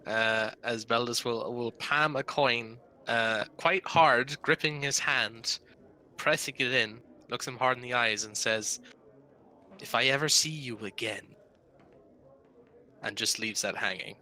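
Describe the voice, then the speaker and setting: Man with a very bright, sharp voice. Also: medium pitch, a little slow, rough recording. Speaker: player. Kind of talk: tabletop role-play.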